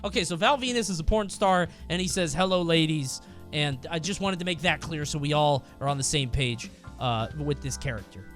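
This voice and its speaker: Young guy streamer with a high voice, reacting loud and animated to stories, swearing a lot, light music in back. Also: fairly quick, hardly any pauses. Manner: animated, exclaiming and swearing freely. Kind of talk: casual reaction commentary.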